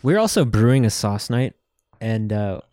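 Chill low-ish voiced dude cohosting a podcast, slangy, dry close mic. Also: male voice, big pitch swings, normal speed, mellow, no echo. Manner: laid-back, slangy, laughs often. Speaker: podcast co-host. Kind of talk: casual chat.

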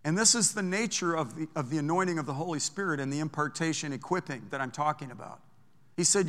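A bright-toned, high-voiced man preaches a storytelling sermon. His delivery is animated and anecdotal, swinging between hushed and loud. A long reverb hangs in a large church sanctuary. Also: fast talker. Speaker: pastor.

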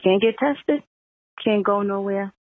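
A woman's voice: medium pitch, a little slow, no echo. A woman from New York with a strong New York accent leaving a caller voicemail, ranting angrily and cursing freely. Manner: angry profane rant. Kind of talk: venting voicemail. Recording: tinny phone voicemail.

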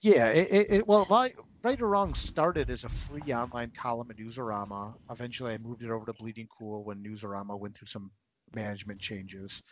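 On a slightly muffled, dry podcast recording, a man with a mid-range voice speaks fairly quickly as a guest. The comics writer is casual, earnest and heartfelt, with frequent restarts and moments where emotion chokes him up.

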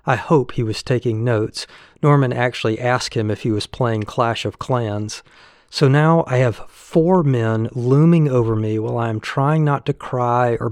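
A man reading a first-person personal diary aloud in a frank, measured way, with flashes of exasperation. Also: mid-range voice, a little mellow, no echo, clean studio sound.

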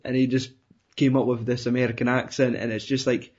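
A husky-voiced man hosts a loose chat, at a typical middle pitch for a man. He tells rambling stories, laughs easily and steers the talk with questions. The sound is a bit dull and lo-fi. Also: flat delivery, fairly quick, a little mellow. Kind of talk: casual chat.

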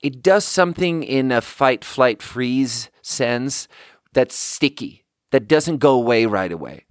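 Male podcast host, chatty storyteller, acts out the dialogue, mid-pitched, dry room. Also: slow pace, dry recording. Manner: animated, acts out quoted dialogue; rambling with frequent "like" fillers. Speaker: podcast host and bar manager. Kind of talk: casual storytelling.

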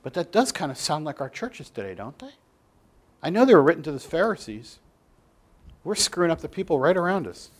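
Impassioned male preacher, fairly high voice. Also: big pitch swings, a little fast. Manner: impassioned, swings from loud emphasis to quiet asides. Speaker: pastor. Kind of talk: sermon.

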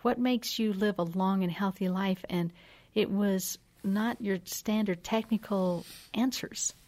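A woman with an average-pitched voice interviews a scientist for radio. She agrees easily and adds her own details. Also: unhurried, darkish tone.

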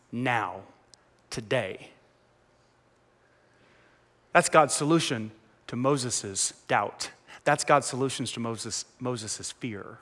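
Animated, bright-voiced preacher in a big hall. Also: male voice, on the high side. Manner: animated, conversational, quizzing the crowd. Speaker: pastor. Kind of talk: sermon. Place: large auditorium. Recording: long reverb of a large hall.

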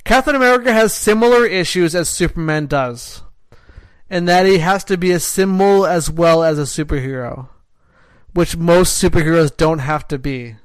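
A man's voice: on the high side, moderate pace, clean tone, no echo. A Canadian man co-hosting a podcast in casual, rambling chat, full of "like" and restarts. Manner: rambling, self-interrupting, frequent "like". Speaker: podcast co-host.

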